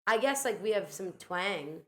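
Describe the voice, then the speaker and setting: A young woman talks in quick, rambling stories and fills them with "like" and acted-out quotes. Her voice sits in the middle of the range and sounds everyday. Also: mid-range voice, lively intonation, a bit bright. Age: young adult. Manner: chatty, rambling anecdotes full of "like" and quoted dialogue. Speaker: podcast co-host, daughter. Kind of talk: casual chat and storytelling.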